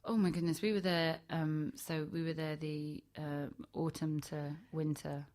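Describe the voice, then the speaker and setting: A middle-aged woman with a London English accent, telling stories from her past in a relaxed interview, often acting out what others said. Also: sits low, a little slow. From England. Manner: chatty, lively quoting of others. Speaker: guest actor. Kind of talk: casual interview storytelling.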